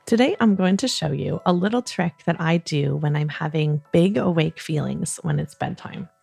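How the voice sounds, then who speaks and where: Soft-spoken woman with a gravelly, warm voice. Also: sits low, dry recording, faint music behind. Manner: soft, soothing and encouraging, with playful drawn-out yawns. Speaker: kids podcast host. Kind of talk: gentle bedtime talk to children.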